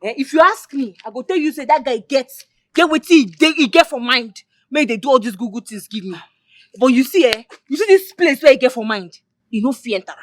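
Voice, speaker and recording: An actress playing a humble young woman who is quick to take offence, speaking Pidgin with a Nigerian accent. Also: sits high, lively intonation, no room sound. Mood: hurt. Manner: agitated, defensive Pidgin speech. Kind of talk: film drama acting.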